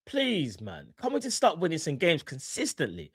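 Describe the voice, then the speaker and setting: Young man, stream host, casual slangy shoutouts, a bit high, dry sound. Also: moderate pace, slightly rough, dry recording. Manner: slangy, animated, shouting out chat members. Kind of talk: casual live stream chat.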